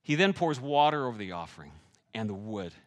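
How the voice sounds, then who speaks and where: Animated male preacher in a reverberant hall. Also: mid-range voice, fairly quick. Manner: animated, swings between loud and hushed; jokes with the audience. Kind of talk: sermon.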